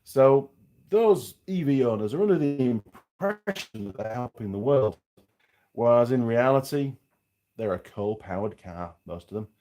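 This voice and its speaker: This middle-aged mechanic and channel host from Yorkshire, England, speaks with a faded Yorkshire accent in a mellow, medium-pitched voice. His intonation is lively and his pace moderate. He chats casually and frankly to livestream viewers, wandering into rambling asides.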